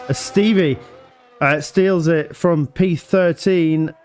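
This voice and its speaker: A man's voice: fairly high pitch, fairly even intonation, slow, darkish tone, faint music behind. A man commentating a sim racing league live in a casual, chatty way, often laughing and apologising.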